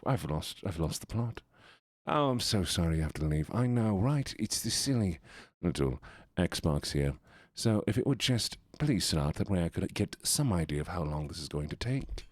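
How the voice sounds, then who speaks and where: A man's voice: deep voice, a little mellow, no room sound, clean studio sound. A man streaming games who chats playfully and goofily with his viewers. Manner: playful, goofy, talks to chat. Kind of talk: casual live-stream chat.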